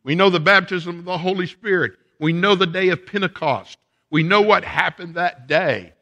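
A man's voice: sits high, moderate pace, bright, forceful tone, in a large hall, lo-fi sound. A male pastor preaching a sermon in a church sanctuary, laying out his points one by one with emphasis.

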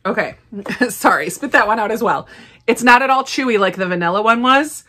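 A woman chatting casually as she unboxes and tastes snacks, upbeat and quick to laugh. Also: a little high, fairly bright tone. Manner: chatty, enthusiastic, frequent laughs. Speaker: snack reviewer. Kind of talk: casual unboxing and tasting vlog.

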